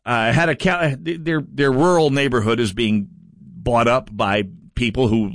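A man's voice: mid-range voice, fairly even intonation, unhurried, no echo, studio quality. A middle-aged man from North Dakota hosting a political talk radio show, delivering a sardonic, mocking monologue.

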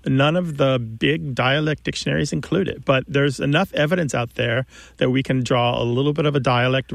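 A man's voice: medium pitch, steady tone, moderate pace, gravelly, no room sound. A man co-hosting a call-in radio show about language, explaining at length to callers in a thoughtful way.

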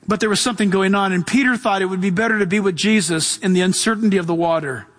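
Male pastor, high voice, animated sermon delivery. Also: fast talker, big-room sound. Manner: animated preaching, acting out voices, swings loud and hushed.

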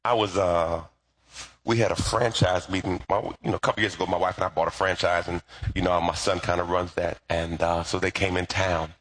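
A man's voice: on the low side, a bit bright, breathy edge. A middle-aged man preaching a sermon in a conversational, playful way, asking the congregation to repeat after him. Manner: conversational, playful, calls for responses. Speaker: pastor.

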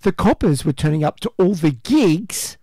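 Mellow-voiced man in his fifties. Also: high-pitched, animated, normal speed, no echo, studio quality. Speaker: co-host. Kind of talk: casual political discussion.

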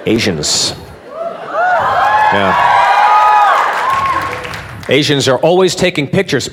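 Brash stand-up man over a loud crowd. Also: a little high, very animated, normal speed. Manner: brash, crowd-addressing, mocking. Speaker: stand-up comedian. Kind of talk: stand-up routine. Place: comedy club. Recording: live club with loud crowd and noise.

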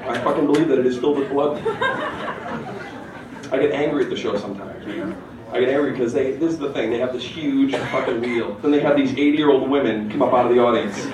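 A man doing a stand-up comedy set on a club stage, telling profane, animated stories with sudden shouts. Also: mid-range voice, brisk, a crowd in the background. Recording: roomy, distant, noisy live recording. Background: loud audience laughter.

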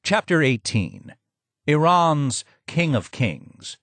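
A man narrating a memoir audiobook in an expressive reading with strong emphasis. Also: a little high, takes it slowly, dry recording.

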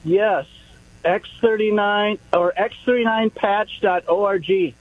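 A man's voice: high voice, fairly even intonation, unhurried, no echo. A man calling into a radio show, joking and matter-of-fact, heard over a dull, muffled phone line. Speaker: caller. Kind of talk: call-in talk radio.

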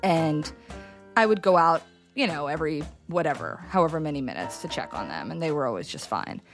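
A woman telling a personal story in an interview, animated and halting, acting out what people said. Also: sits low, soft background music. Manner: animated, halting with restarts, acts out quotes. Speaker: storyteller guest.

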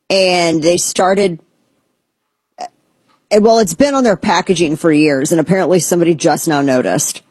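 Husky woman host, sarcastic rant, swoops up into mocking voices, dry close mic. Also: a little slow, pauses often, darkish tone, no room sound. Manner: sarcastic, ranting, mocks others in squeaky voices. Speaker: podcast host. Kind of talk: casual opinionated commentary.

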